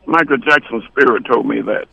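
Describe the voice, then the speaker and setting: Gravelly, bright-voiced man telling bawdy tales. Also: mid-range voice, brisk, no room sound, low-quality recording. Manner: bawdy, rambling, jumps between stories. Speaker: guest musician. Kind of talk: casual storytelling on radio.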